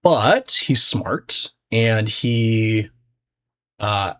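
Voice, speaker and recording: A man's voice: fairly low pitch, animated, very slow, fairly bright tone. A man teaching trading in a loose, conversational way, full of fillers and restarts. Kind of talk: casual explanatory lesson.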